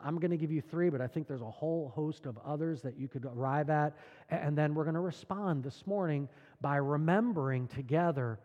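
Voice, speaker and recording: A man's voice: fairly high pitch, a little mellow, big-room sound. A man preaching a sermon as pastor, earnest and emphatic, asking the congregation rhetorical questions.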